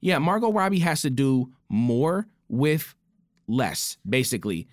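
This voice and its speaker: A man's voice: medium pitch, very animated, unhurried, no echo, studio quality. A man co-hosting a casual movie podcast, blunt, ranting and profane. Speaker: podcast co-host. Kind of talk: casual chat about movies.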